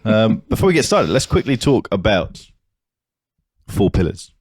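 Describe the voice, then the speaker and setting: A man's voice: lowish voice, very animated, normal speed, no room sound, clean studio sound. A man co-hosting a casual podcast chat, blunt and sweary as he talks. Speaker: podcast co-host.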